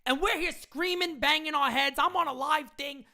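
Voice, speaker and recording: A woman ranting loudly and indignantly into a phone camera, repeating her points as a sports fan. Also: high-pitched, normal speed. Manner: loud, indignant, repetitive ranting. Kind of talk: live rant into a phone camera.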